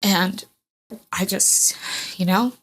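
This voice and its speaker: A woman's voice: medium pitch, slow, a bit bright. A woman telling her own story as a podcast guest, candid and emotional, rambling with fillers. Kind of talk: personal storytelling in a podcast interview.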